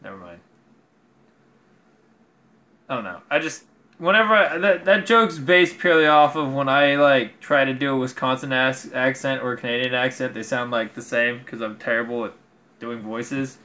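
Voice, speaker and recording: A man's voice: medium pitch, steady tone, moderate pace, pushed and bright. A man vlogging as he builds a craft project, rambling casually and swearing freely as he mocks himself. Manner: rambling, profane, self-mocking.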